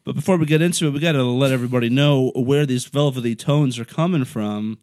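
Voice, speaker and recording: A man's voice: medium pitch, fast talker, a little mellow, no room sound. A man hosting a podcast in a recording studio, easygoing as he leads into segments and breaks. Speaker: podcast host. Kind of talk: casual chat.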